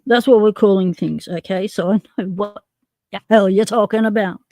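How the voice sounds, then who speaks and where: A woman of ordinary pitch hosts a relaxed live stream, thinking aloud as she fiddles with small parts. Her talk is chatty and conversational, answering viewers as she goes. The sound is dry and close, with little room echo. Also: moderate pace. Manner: chatty, narrating while tinkering, reading chat aloud. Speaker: livestream host. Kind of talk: casual live stream chat.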